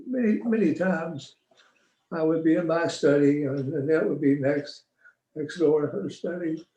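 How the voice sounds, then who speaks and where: A man with a mellow, dark voice tells a personal story on a video call, pausing often and reaching for words. His room sounds roomy and echoey, with a faint hiss underneath. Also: a little high. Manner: reflective, halting with pauses and fillers. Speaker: memorial speaker.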